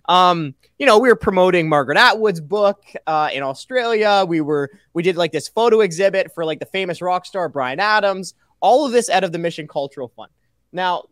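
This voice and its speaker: A man from Canada with a high, very lively voice, talking as an animated podcast guest. He rattles off example after example with sarcasm and quick laughs. The sound is close and dry. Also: no room sound. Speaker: guest, taxpayer advocate.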